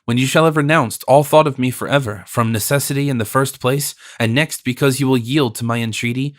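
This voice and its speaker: A man voicing a gentle noble princess. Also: mid-range voice, close to an everyday voice. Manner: gentle, measured, softly teasing. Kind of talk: audiobook character reading.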